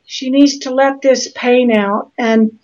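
A middle-aged woman from Utah, speaking earnestly and haltingly as an author in an interview, often restarting her sentences. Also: high-pitched, fairly even intonation, a little mellow. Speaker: guest author. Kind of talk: interview conversation. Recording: slightly dull lo-fi audio.

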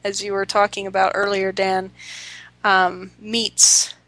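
A woman co-hosting a casual conversation, halting and filling gaps with um and you know. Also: medium pitch, monotone, fairly bright tone, no room sound, rough recording. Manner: halting, with many fillers. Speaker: co-host.

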